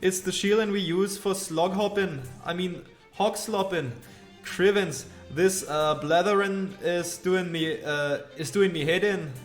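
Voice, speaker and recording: A man's voice: high voice, measured pace, few pauses, soft background music. A man putting on a blustering Scottish farmer. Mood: impatient. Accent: put-on Scottish. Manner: blustering, rolling broad dialect words. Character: grumpy male Scottish farmer, exasperated.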